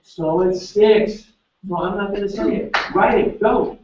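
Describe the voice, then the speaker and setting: A man's voice: sits high, a little slow, a little mellow. A man presenting a live seminar, energetically quizzing his audience and urging them on. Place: large seminar hall. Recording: echoey room, distant lo-fi mic.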